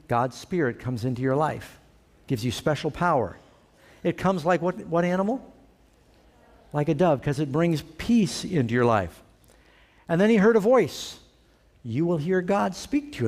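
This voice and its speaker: A man's voice: on the high side, a little mellow. A man preaching a sermon as pastor, putting questions to his congregation and acting out everyday sayings. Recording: long reverb in a hall.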